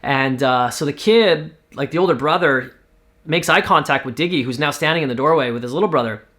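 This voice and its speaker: Canadian guy rambling through a show pitch, lots of um and you know. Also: fairly quick, fairly bright tone. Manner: rambling, filler-heavy. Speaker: author pitching a TV series. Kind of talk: casual spoken story pitch.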